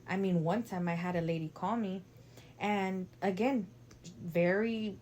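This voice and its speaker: A woman's voice: mid-range voice, steady tone, measured pace, darkish tone, slight background noise. A woman who hosts a podcast and works at a funeral home, telling stories in a chatty way with lots of fillers. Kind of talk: casual storytelling.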